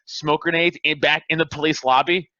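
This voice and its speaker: A man's voice: a little high, steady tone, normal speed, sharp tone, no echo, dull audio. A man hosting a casual podcast chat, ranting in a heated, profane, emphatic way. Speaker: podcast host.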